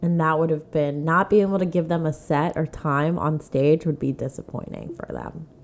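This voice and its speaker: A woman's voice: low voice, normal speed, a little hiss or hum. A woman hosting a casual podcast chat, talking in a chatty way full of "like" as she recounts stories. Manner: chatty, lots of "like", acts out quoted exchanges. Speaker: podcast host, comedy club manager.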